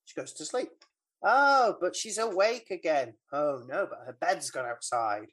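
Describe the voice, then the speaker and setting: A woman's voice: low-pitched, very animated, moderate pace, husky. Woman co-host, casual rambling film recap, giggly and loose, lots of ums. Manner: chatty, rambling, giggly recap with many fillers. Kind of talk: casual chat.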